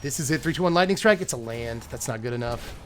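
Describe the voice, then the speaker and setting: A young man giving live commentary on his own card game, excitable and muttering, groaning at bad draws. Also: mid-range voice, fast, soft background music. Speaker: gaming content creator.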